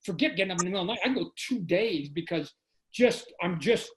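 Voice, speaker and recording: A man from Canada, a guest telling animated stories on a video call, often repeating his phrases. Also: high voice, fast, a little hiss or hum, poor audio. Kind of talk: casual storytelling.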